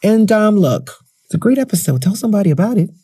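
A man's voice: sits high, big pitch swings, fast talker, warm tone, breathy edge. A man hosting a podcast in a chatty, playful way, cheerfully plugging the show. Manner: chatty, playful, self-promoting. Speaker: podcast host. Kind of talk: casual podcast chat.

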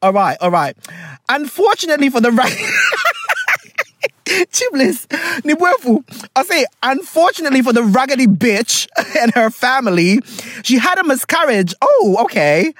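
A podcast host, a woman, reads a listener letter aloud in casual chat. Her pitch swings up and down with every comment, and her blunt, joking manner keeps cutting into the text. The recording is dry and close, with no room sound. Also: very animated, moderate pace, pauses often, no echo.

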